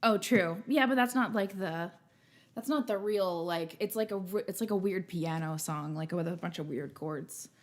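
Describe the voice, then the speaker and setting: A woman's voice: lowish voice, moderate pace. A woman, a musician hosting an online concert, chatting loosely to viewers between songs. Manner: chatty, loose, talks to the audience. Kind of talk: casual chat between songs.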